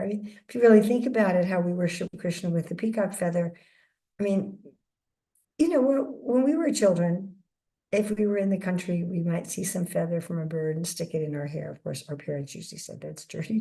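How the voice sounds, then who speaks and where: A woman giving a devotional lecture in a measured, reflective way, often restarting her sentences as she talks. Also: lowish voice, creaky, dark tone. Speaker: guest speaker giving a scripture class.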